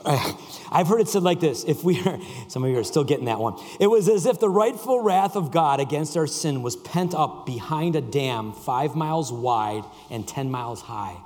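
A man preaching a sermon to a congregation, reading scripture and joking with the room, shifting from loud emphasis to quiet intensity. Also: fairly high pitch, expressive, moderate pace. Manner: reads scripture aloud and jokes with the congregation. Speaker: pastor. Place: church sanctuary. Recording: long reverb of a large hall.

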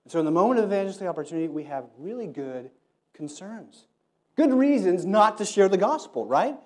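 A male preacher delivering a sermon in a relaxed, conversational way, breaking into little stories and playing the people in them. His voice is mellow and a little higher than most men's. He comes across as someone talking with the room rather than lecturing it. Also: fairly quick. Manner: conversational, animated, acts out quoted voices. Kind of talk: sermon with storytelling.

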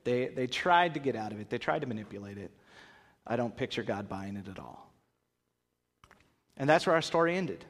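With long pauses and a moderate pace, a pastor in a mid-range voice leads an animated Bible lesson for an audience in a large hall. He asks them questions and performs characters' voices, and the recording carries long hall reverb.

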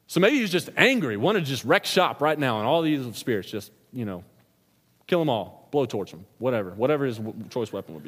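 A man's voice: medium pitch, lively intonation, moderate pace, slightly rough. A man preaching a sermon, retelling the scripture story in a casual, slangy storytelling manner. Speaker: pastor. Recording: long reverb of a large hall.

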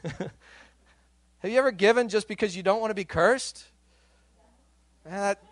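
A middle-aged man preaching a sermon in a casual, animated way, often repeating words as he goes. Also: sits high, slow, long pauses, no room sound. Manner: conversational, animated, with frequent repeated words and laughs. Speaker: pastor.

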